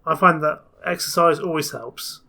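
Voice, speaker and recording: A man's voice: a little high, normal speed, vocal fry, pushed and bright, heavily acted. Man playing a stern train guard. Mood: matter-of-fact. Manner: stern, matter-of-fact.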